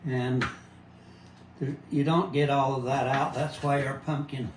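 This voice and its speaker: A man's voice: mid-range voice, flat delivery, measured pace, background noise. An older man casually demonstrating how he cuts and prepares pumpkins at home, explaining plainly and restarting his sentences. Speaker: home gardener showing pumpkin prep.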